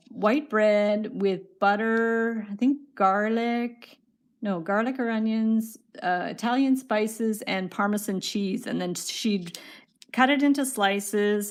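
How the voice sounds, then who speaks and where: A middle-aged woman hosts a casual craft tutorial stream, chatting cheerfully with her viewers as she works. Her voice sits at an ordinary pitch for a woman. A gravelly fry runs through it. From Canada. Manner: chatty and upbeat, answering viewer comments while working. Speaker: wire craft livestream host.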